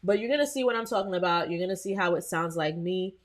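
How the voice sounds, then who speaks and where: A woman hosting a live software tutorial, talking casually to her viewers with frequent "um" and "like" as she works. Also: lowish voice, fast talker. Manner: chatty, addresses viewers as "you guys", frequent "um" and "like". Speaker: host.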